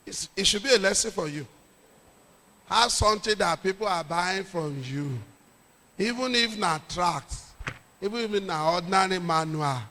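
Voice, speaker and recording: A middle-aged Nigerian man, a pastor, telling a lively story in a sermon with jokes and pidgin. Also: sits high, normal speed, in a large hall.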